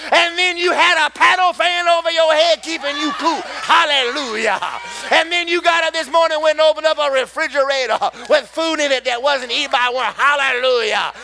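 A man preaching a sermon as pastor, exhorting and joking with his congregation and rising to shouts. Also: very high voice, vocal fry.

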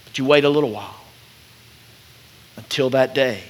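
A man preaching a sermon as pastor, animated as he acts out quoted voices and dropping soft and slow at tender points. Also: medium pitch.

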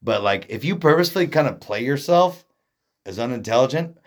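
A man's voice: mid-range voice, lively intonation, brisk. A man from Oregon co-hosting a podcast in casual chat, rambling and joking, often trailing off mid-sentence. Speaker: podcast co-host.

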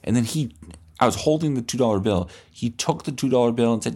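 A man hosting a comedy podcast, telling a crude, deadpan, rambling comic story. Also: mid-range voice, quick pace.

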